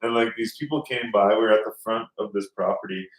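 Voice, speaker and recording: Man, low voice, casual rambling story, swears a lot, roomy room, off-mic. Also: steady tone, fast talker, recorded from a distance. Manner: rambling, swears often, acts out quoted voices. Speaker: podcast host.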